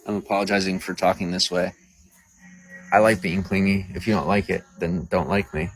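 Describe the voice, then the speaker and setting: Crude, profane man with a deep voice. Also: steady tone, brisk. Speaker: livestreamer. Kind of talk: casual livestream chat.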